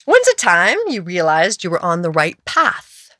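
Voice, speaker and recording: Bright clear woman host asking soft curious questions, dry close mic. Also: lowish voice, sing-song, a little slow, no echo. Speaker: interview host. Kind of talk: conversational interview.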